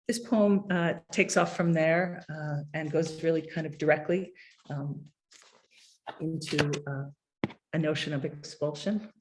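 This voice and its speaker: A woman's voice: low-pitched, fairly even intonation, a little mellow, slight background noise. Middle-aged woman poet reading aloud. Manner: measured, deliberate reading with hesitant asides between poems. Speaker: poet reading at her book launch. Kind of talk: poetry reading.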